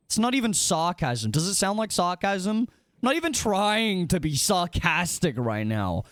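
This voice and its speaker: A young male streamer with a high voice that leaps all over the place as he rambles and teases himself. He sounds dry and close, with no room around him. His talk is casual gaming chat, excitable and loose. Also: dry recording. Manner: rambling, excitable, self-mocking, quick jumps in pitch.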